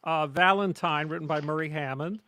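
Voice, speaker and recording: A man with an unusually high speaking voice talks as a musician guest. He tells loose, rambling stories full of fillers. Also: brisk, very noisy. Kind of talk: casual interview chat.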